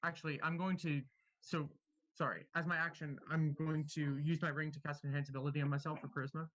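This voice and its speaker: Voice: medium pitch, level tone, quick pace, a bit bright, lo-fi sound. A player in a tabletop game, talking hesitantly with many fillers.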